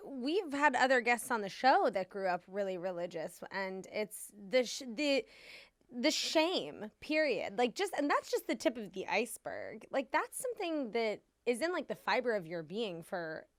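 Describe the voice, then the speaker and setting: A woman's voice: fairly high pitch, big pitch swings, moderate pace, no room sound, clean studio sound. A woman hosting a podcast in casual chat, sincere and chatty, with many "like" fillers. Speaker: podcast host.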